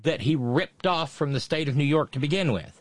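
A wry, measured man co-hosting a casual political talk show, often restarting his sentences with stammers. His voice sits a little high for a man. The sound is dry and close to the mic. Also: lively intonation, no room sound.

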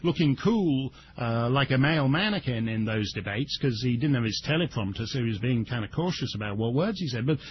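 A man's voice: medium pitch, expressive, brisk, few pauses, a little hiss or hum. A British man guest-hosting talk radio, mocking and rambling, searching for words mid-sentence. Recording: dull lo-fi radio broadcast audio.

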